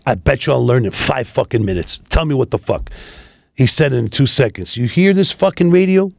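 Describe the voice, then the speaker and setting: A man, a tow business founder telling profane, animated stories in a casual interview. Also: medium pitch, a little fast, creaky, no echo, studio quality. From New York City. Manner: profane, animated street storytelling.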